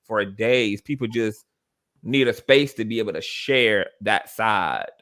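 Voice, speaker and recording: A man's voice: lowish voice, measured pace, fairly bright tone. A man talking as a guest in a casual video call, stressing his points and repeating them for weight. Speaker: guest, fellow live-streamer.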